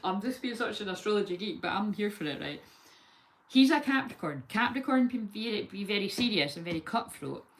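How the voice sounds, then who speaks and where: A woman giving a casual, rambling tarot reading full of lively chatty asides. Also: mid-range voice, a little fast. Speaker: tarot reader.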